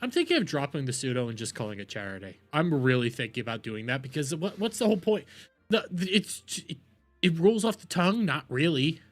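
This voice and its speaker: A man's voice: on the high side, very animated, fairly quick, faint music behind. A man hosting his live stream in casual chat, rambling with restarts and self-deprecating asides. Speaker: streamer host.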